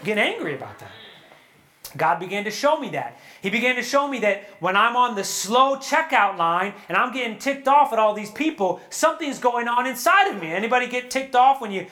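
A man preaching at a young adult retreat, earnest and animated, acting out prayers and quotes before a live audience. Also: very high voice, fairly quick. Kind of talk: sermon.

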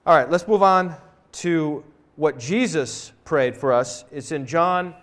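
A man's voice: on the high side, takes it slowly, a bit bright. A male pastor preaching a sermon in a church, conversational, with rhetorical questions and asides to the congregation. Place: church sanctuary.

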